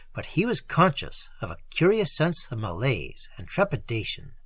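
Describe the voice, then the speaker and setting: A man narrating a ghost story with an expressive, dramatic reading. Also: a little high, breathy edge, no room sound. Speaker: audiobook narrator.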